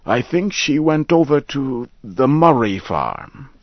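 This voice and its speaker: A man's voice: mid-range voice, big pitch swings, takes it slowly, no echo, muffled recording, voice pushed up. A man voicing a confused, grieving old farmer who insists his dead wife is alive. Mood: hopeful. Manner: insistent, pleading.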